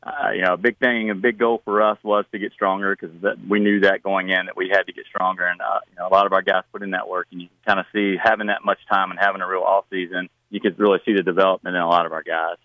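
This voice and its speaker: Middle-aged coach guy on the radio, lowish voice, kinda muffled lo-fi sound, lots of um and you know. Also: fast, hardly any pauses, no room sound. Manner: relaxed, plain-spoken, many fillers and restarts. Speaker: high school football coach. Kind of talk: radio interview answers.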